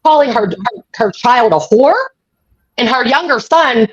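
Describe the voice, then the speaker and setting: A woman hosting a live stream launches into an angry, profane rant, repeating herself as she goes. Her slightly high, slightly rough voice is animated but measured in pace, heard without room sound in dull lo-fi audio.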